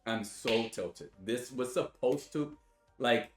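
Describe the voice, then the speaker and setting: A man's voice: medium pitch, slow. A young man streaming games, ranting angrily and profanely to his chat in an exasperated, sighing voice. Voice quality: profane, exasperated, with heavy sighs. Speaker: gaming streamer. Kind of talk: angry rant to stream chat. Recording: roomy echo with faint music.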